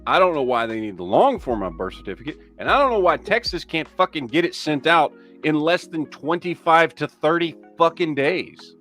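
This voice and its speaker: Ranting, profane podcast host, lively voice. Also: male voice, fairly high pitch, normal speed, few pauses, soft background music. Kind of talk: casual live-stream chat.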